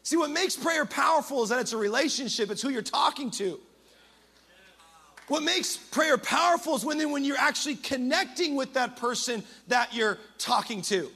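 A man preaching in a very high voice with a gravelly edge and a bright, forceful tone. He delivers his sermon energetically and with humor. He keeps it conversational, with quick asides. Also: lively intonation. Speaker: pastor.

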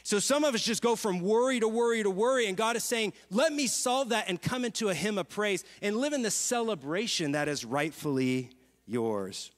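A man with a high, bright-toned voice preaches a lively sermon, trading stories and questions with his congregation. His voice rings out with a long reverb tail, as in a large church auditorium. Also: a little fast, few pauses. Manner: lively, storytelling, asks the crowd questions. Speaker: pastor.

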